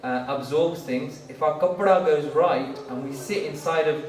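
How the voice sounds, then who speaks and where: A man's voice: on the high side, moderate pace, echoey room, distant mic, a little hiss or hum, rough recording. A man speaking at a gurdwara, retelling a religious story in a casual storytelling sermon, stringing it along with "he goes" and "she goes". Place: gurdwara hall.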